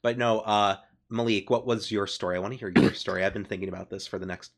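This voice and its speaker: A man co-hosting a casual chat among friends, excitable, laughing often and swearing freely. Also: lowish voice, fast. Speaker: podcast co-host.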